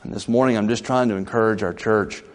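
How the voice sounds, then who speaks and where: A man preaching a folksy, conversational sermon as pastor, with sudden leaps in pitch. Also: fairly even intonation, quick pace.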